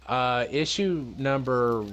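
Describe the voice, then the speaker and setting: A man hosting a geek news podcast, going through the news in a calm, matter-of-fact casual chat with dry humor. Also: medium pitch, slow, lo-fi sound. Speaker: podcast host presenting news.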